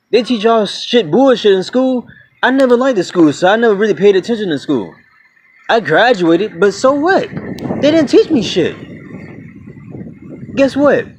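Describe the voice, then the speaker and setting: High-pitched with a darkish tone, a twenty-something man vents bluntly in a casual vlog, swearing freely and addressing his audience as "y'all" and "man."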